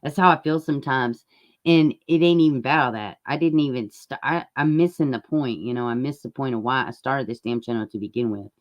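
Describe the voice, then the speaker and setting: A woman's voice: very deep voice, brisk, lo-fi sound. A woman chatting casually on a live stream, rambling and greeting viewers in the chat. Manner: occasional mic dropouts. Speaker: true-crime live streamer.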